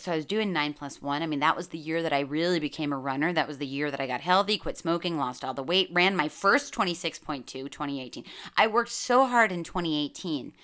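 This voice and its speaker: A woman hosting a podcast, telling a candid personal story in an animated way, swearing freely and laughing as she goes. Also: fairly low pitch. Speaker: podcast host.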